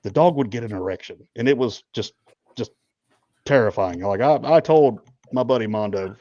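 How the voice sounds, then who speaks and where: A man's voice: medium pitch, normal speed, warm tone, no room sound, highs cut off. A man co-hosting a podcast, telling a long story in a casual, joking way with lots of ums. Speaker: podcast co-host.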